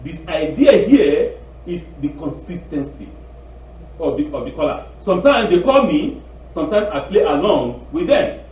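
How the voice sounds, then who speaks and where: A man giving an informal sermon on the weekly Torah portion, animated and repetitive, acting out phone calls with a raised voice. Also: a little high, normal speed, recorded from a distance. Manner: repeats words and restarts often. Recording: echoey room, off-mic, dull sound.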